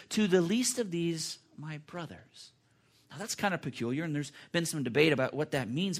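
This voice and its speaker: A man's voice: sits high, a bit bright. A man preaching a sermon in an earnest, conversational way, with repetitions and restarts. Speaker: pastor.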